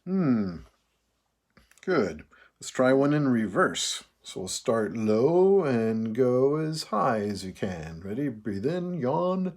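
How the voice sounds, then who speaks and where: A man leading a choir through breathing and vocal warm-ups, calm and patient, counting out each breath. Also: mid-range voice, slow. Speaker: choir director.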